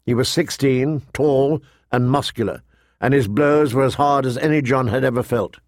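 In a dry, clean studio recording, a male audiobook narrator reads a fantasy novel in a measured storytelling manner, voicing the characters. His scripted narration comes in a mid-range voice that's a little mellow.

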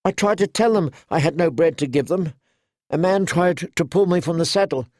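A frightened young noble girl, as a male reader puts her on in this audiobook. Her lines are pitched up, halting and shaky, in a dry, close sound. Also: a little mellow, no echo, lightly acted. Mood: shaken.

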